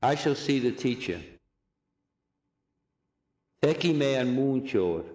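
Slow, deliberate male language teacher. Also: medium pitch, animated, a little mellow, echoey room. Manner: slow, deliberate drilling of phrases with repetition. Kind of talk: recorded language lesson.

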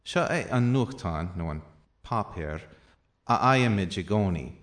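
A man teaching a language lesson, reading out practice sentences and their translations slowly and deliberately, with softer asides. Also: lively intonation. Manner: slow and deliberate, with soft low asides.

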